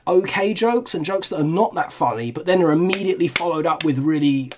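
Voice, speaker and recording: A man's voice: fairly high pitch, animated, fairly quick, background noise. A young man giving casual, candid reaction commentary on fan videos and swearing freely. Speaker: video reviewer.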